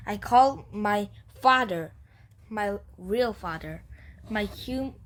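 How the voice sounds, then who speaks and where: A woman's voice: mid-range voice, lively intonation, slow. Woman reading as a stubborn, disbelieving grandma. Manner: reading a grandmother's dialogue aloud in a slightly raised voice. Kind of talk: children's book read aloud.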